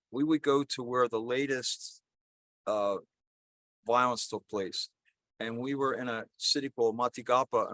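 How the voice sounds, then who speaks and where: Older priest, chatty homily with jokes, dry close sound. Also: male voice, mid-range voice, sharp tone, no room sound. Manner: conversational, rambling, self-correcting. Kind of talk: sermon with jokes and storytelling.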